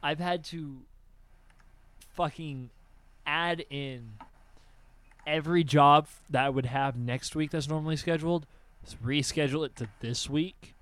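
A young adult man hosting a casual podcast chat, telling animated stories and swearing freely. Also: a little high, unhurried, long pauses. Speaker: podcast host.

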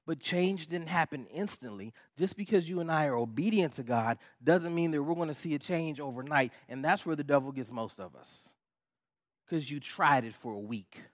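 A man with a fairly high voice delivers a sermon as pastor. He preaches emphatically and repeats short commands, slipping in casual asides. The sound is dry and close. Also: animated, moderate pace, no room sound.

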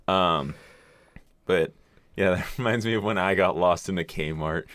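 A man's voice: low-pitched, unhurried, a bit bright, dry recording. A young man telling stories in a casual chat, swearing freely and laughing as he goes.

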